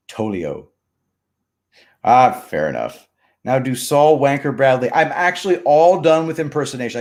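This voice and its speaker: Animated male live streamer. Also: mid-range voice. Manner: animated, joking, swings from loud bursts to mumbled asides. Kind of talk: casual live stream chat reading comments.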